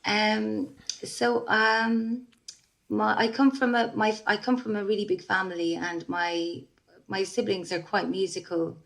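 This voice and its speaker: A woman's voice: mid-range voice, level tone, unhurried, creaky, fairly bright tone. A woman, a singer-songwriter, talking reflectively in a casual interview with many fillers and restarts. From Ireland.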